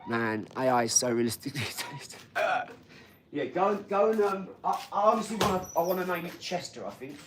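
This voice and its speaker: A man's voice: fairly high pitch, expressive, brisk, heavy background noise. A middle-aged man hosting a casual live stream, boastful and chatty as he talks straight to his viewers. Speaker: live stream host and boxer.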